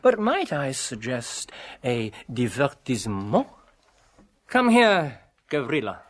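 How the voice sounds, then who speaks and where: A man's voice: mid-range voice, wildly swooping pitch, slow, heavily acted. An actor playing a pompous, domineering male household tyrant in a radio drama, sanctimonious and theatrical. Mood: grandiose. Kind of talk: 1980s radio drama acting.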